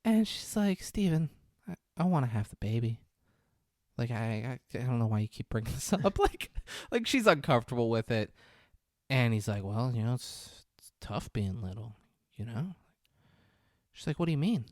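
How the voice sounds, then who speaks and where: A man of middle pitch, casually recapping a film for his co-host. He jumps in and out of the characters' voices and laughs as he goes. The recording is dry and close. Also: normal speed, pauses often, no room sound. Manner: animated, acts out characters' lines with laughter. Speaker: podcast co-host. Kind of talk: casual chat retelling a film scene.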